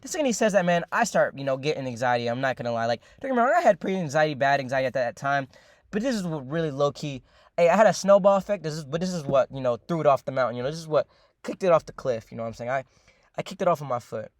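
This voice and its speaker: A young man tells a long, rambling story in a loose, profane style, filled with fillers and repetition, frequently addressing his audience as "ladies and gentlemen." His fairly high voice is expressive and very fast, captured in a dry, clean studio recording.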